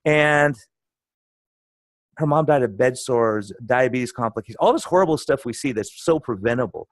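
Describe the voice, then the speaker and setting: A middle-aged man, a doctor, telling patient stories in a casual interview with lively, animated delivery. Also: mid-range voice, normal speed, dry recording. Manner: animated storytelling, acts out quoted patients. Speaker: internal medicine doctor, guest.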